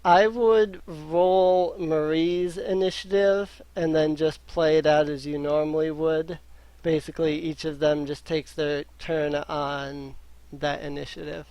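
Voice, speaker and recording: Male game master, slow and halting, slightly high voice, dry close sound. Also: little pitch movement, darkish tone, no room sound. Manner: hesitant, many ums. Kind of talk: running a tabletop game.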